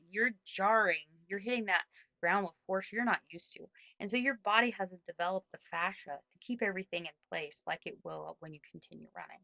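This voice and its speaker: A woman's voice: lowish voice, no room sound, highs cut off. A middle-aged woman, a running coach, giving casual advice in a chatty, rambling way with lots of restarts.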